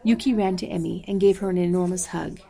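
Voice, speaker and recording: A woman reading a story aloud at a measured pace, calling out page numbers as she goes. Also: on the low side, steady tone, creaky, dark tone. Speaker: audiobook reader.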